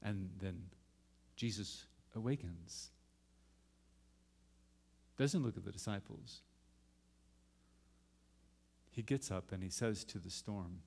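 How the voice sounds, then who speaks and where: A man's voice: sits low, creaky, darkish tone, husky. A middle-aged man preaching a sermon as pastor, dramatically reading scripture and acting out pleas to God.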